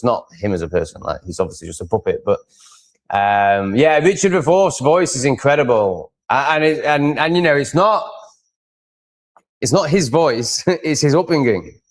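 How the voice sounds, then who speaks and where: A man hosting a live stream, chatting casually and reacting to viewers' comments in a rambling, opinionated way. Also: lowish voice. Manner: rambling and opinionated, with many fillers and restarts. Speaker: livestream host.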